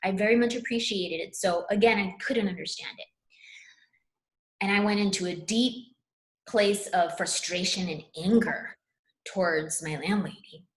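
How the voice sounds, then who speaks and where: A woman speaking as a spiritual counselor, telling a personal story in an earnest, animated way. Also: medium pitch, normal speed, reverberant. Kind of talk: casual conversation.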